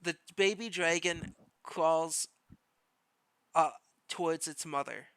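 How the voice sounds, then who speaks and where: A man running a tabletop game as game master, narrating events slowly and deliberately. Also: on the high side, a bit bright, clean tone, dry recording, rough recording.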